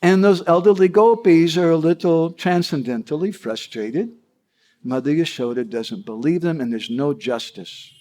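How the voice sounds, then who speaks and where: A man's voice: fairly high pitch, moderate pace, warm tone. A man giving a devotional talk, telling stories animatedly and checking in with his listeners. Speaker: devotional storyteller.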